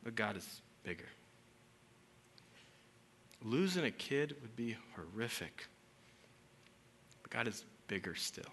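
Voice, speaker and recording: Animated male preacher in a reverberant hall. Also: slow pace, creaky, pauses often, slight background noise. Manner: conversational and animated, swinging from loud emphasis to hushed lows. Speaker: pastor. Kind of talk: sermon. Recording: hall reverb with faint room ambience.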